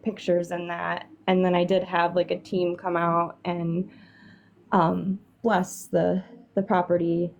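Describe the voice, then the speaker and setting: A woman's voice: fairly low pitch, darkish tone, a little hiss or hum. A young woman calling in to a live stream to share a paranormal story, sounding nervous and hesitant, with many fillers and restarts. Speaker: caller sharing a paranormal story.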